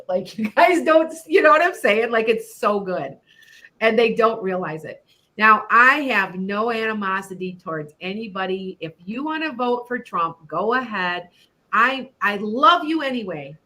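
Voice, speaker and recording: Chatty bright-voiced woman psychic host. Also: mid-range voice, lively intonation, unhurried. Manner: chatty, rambling, laughs often. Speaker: psychic radio show host. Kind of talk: casual chat about predictions. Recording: internet radio show.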